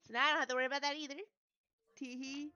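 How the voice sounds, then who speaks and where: A woman's voice: sits high, flat delivery, rapid-fire, pushed and bright, lo-fi sound, soft background music. A woman streamer reading a story game aloud, with chatty, giggly asides between narration.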